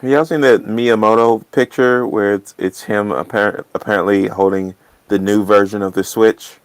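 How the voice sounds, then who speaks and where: A man's voice: lowish voice, fairly even intonation, normal speed, clear, resonant tone, no room sound, rough recording. A man on a livestream as a guest, chatting in a laid-back, dry way. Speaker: stream guest. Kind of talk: casual livestream chat.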